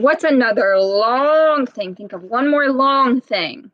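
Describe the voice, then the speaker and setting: A woman speech therapist leads a read-aloud lesson, patient and questioning. Her voice is fairly high and she talks very slowly. The sound is dry and close. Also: lively intonation, no room sound, highs cut off. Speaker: speech therapist reading to children.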